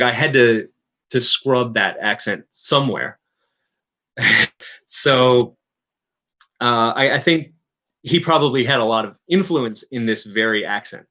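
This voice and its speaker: Bright-voiced rambling man from Newfoundland. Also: mid-range voice. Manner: rambling, halting, with frequent restarts and chuckles. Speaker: streamer. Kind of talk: casual chat to viewers.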